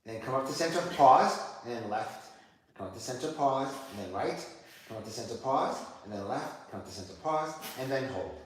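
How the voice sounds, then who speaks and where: A man who teaches yoga, calmly cueing breath and poses as he leads a class on video. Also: mid-range voice, brisk, a little hiss or hum. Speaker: yoga teacher and personal trainer. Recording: roomy studio, heard from a distance.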